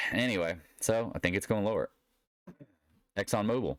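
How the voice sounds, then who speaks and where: A man's voice: fairly low pitch, very animated, brisk, pauses often, no room sound. A man giving a rambling solo market recap in a blunt, sarcastic manner. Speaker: market commentator.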